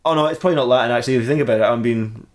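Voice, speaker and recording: A man's voice: medium pitch, racing. A man telling an improvised comic story, voicing every character himself and laughing at his own jokes. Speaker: comedy podcast storyteller.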